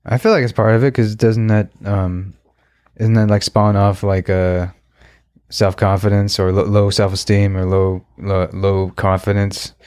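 A man's voice: fairly low pitch, flat delivery, measured pace, a little mellow, clear, resonant tone, no echo, studio quality. A man co-hosting a podcast in casual chat, cracking crude, profane jokes. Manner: joking, crude, profane banter. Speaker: podcast co-host.

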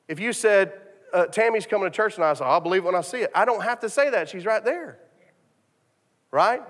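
A man preaching a sermon, telling a story with many restarts and repeated words. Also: sits high. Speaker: pastor. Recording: long hall reverb.

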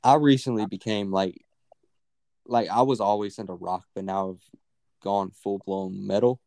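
A man's voice: on the low side, fairly even intonation, measured pace, creaky, warm tone, dry recording. A young man co-hosting a podcast, rambling in casual, unscripted chat full of fillers and swearing. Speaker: podcast co-host.

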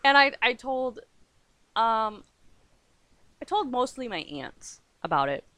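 A young woman co-hosting a podcast, telling stories in a giggly, animated way. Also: on the high side, slow, no room sound. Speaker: podcast co-host. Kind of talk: casual chat.

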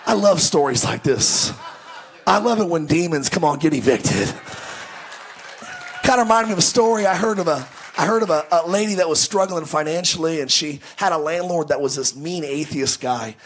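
A male pastor telling stories in a sermon, animated and joking, often stumbling and restarting his words. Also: fairly high pitch, moderate pace, slight background noise. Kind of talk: sermon storytelling.

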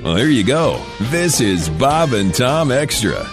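A man's voice: medium pitch, sing-song, a little slow, over music. A man voicing a short promo for a radio show. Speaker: station announcer.

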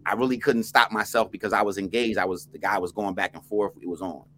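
A middle-aged man from New Jersey, a podcast guest telling a story in an animated, emphatic way with restarts. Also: fairly low pitch, brisk, slight background noise.

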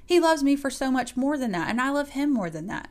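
A young woman and mother talking casually to camera, giving emphatic, animated pep talks to other moms. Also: sits high, fairly quick. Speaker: mom giving advice to mothers. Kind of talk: casual motivational talk to camera.

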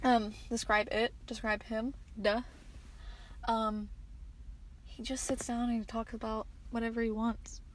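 A woman's voice: on the high side, little pitch movement, unhurried, a little hiss or hum, rough recording. A nineteen-year-old American woman hosting her own podcast from inside a parked car, talking candidly and rambling with restarts and swearing. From United States. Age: late teens. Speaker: podcast host. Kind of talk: solo podcast monologue.

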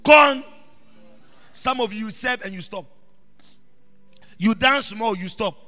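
A man preaching a sermon as an apostle, shifting between quiet asides and shouted proclamations. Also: sits high, unhurried. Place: church hall. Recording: reverberant church hall with music behind.

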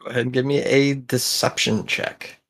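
A man's voice: mid-range voice, level tone, normal speed, a bit bright. A man narrating as game master of a tabletop game, in a casual, crude manner.

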